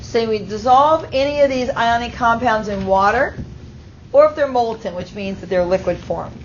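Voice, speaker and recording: A woman's voice: fairly high pitch, normal speed, slight background noise. A woman teaching a chemistry class, explaining step by step and often checking in with the students. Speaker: high school chemistry teacher. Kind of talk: classroom lecture. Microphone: auto-tracking camera mic. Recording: slightly muffled classroom recording.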